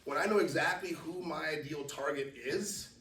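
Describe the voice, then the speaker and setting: A man's voice: fairly high pitch, moderate pace, fairly bright tone. A man from Los Angeles giving a conversational business presentation, checking in with the audience with "right?" every few sentences. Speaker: company CEO presenting to a business network. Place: meeting room. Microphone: far from the mic. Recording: echoey room from far off.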